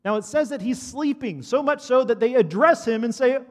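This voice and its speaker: A man preaching a sermon to a congregation, animated and asking the listeners questions. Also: very high voice, normal speed. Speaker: pastor. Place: church hall. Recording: long hall reverb.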